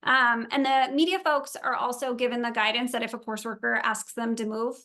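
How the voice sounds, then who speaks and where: A woman's voice: a little high, fairly even intonation, a little fast, bright, forceful tone. Upbeat chatty woman giving instructions. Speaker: event organizer. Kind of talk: briefing a virtual meeting.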